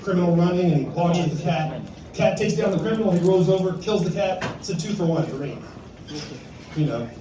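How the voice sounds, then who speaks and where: A man's voice: high-pitched, expressive, fairly quick, noisy background. A man in his fifties doing a stand-up set at an open mic in a bar-restaurant, self-deprecating and chuckling at his own jokes. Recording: echoey room, distant and dull.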